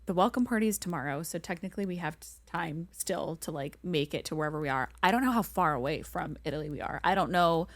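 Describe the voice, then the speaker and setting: A young woman co-hosting a podcast, telling a travel story in a casual, animated way and acting out the voices in it. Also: low voice, quick pace, hardly any pauses, dry recording. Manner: animated, acts out quoted voices, many "like"s. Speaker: podcast co-host.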